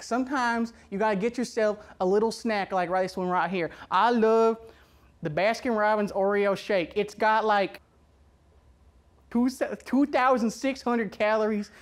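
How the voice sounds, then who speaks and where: A woman's voice: medium pitch, measured pace, lightly acted. A woman voicing a brash, boastful American patriot in an exaggerated Southern accent. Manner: boastful, whooping, rambling.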